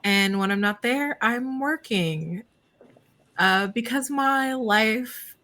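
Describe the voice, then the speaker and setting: A woman introduces herself as a player, speaking very slowly with a bright, sharp tone. She hesitates now and then and slips in dry little jokes. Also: on the high side, expressive. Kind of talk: casual stream introduction.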